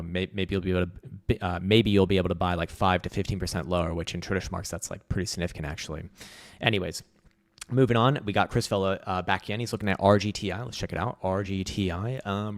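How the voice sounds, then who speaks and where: A man with a fairly low voice talks through charts in a loose, rambling way, swearing freely and leaning on fillers. The sound is dry and close, with no room around it. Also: dry recording. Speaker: market analysis streamer. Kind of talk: casual livestream chart commentary.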